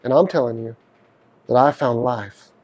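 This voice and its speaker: A middle-aged podcast host preaches on his devotional show in an earnest, conversational way, voicing prayers aloud. His mid-range voice is darkish at a moderate pace, and the recording has its highs cut off.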